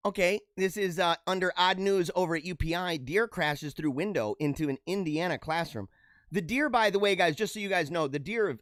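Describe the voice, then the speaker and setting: A man's voice: high voice, a bit bright, no room sound, clean studio sound. A middle-aged man hosting a show, giving rambling, joking commentary on the news and laughing often. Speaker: show host.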